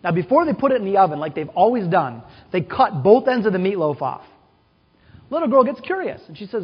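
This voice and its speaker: A man's voice: high voice, very animated, a little fast, breathy edge. A man giving a conference keynote, telling stories with quoted voices and questions to the audience. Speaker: keynote speaker. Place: large conference hall. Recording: dull, hall-echoed conference recording.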